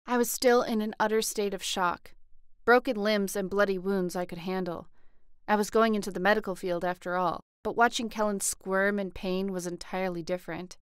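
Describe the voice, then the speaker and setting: A woman reads a first-person story aloud as an audiobook narrator. Her voice is smooth and resonant at a middle pitch, recorded dry and close with no room sound. She voices the dialogue with lifts in pitch and loudness. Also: fairly even intonation, normal speed, dry recording.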